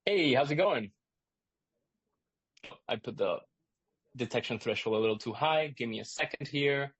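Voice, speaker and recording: A man hosting a live online class, explaining excitedly with lots of restarts and asides. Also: mid-range voice, moderate pace, slightly rough, dry recording, dull audio. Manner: energetic, rambling, lots of restarts. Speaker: host and instructor. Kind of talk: live webinar teaching.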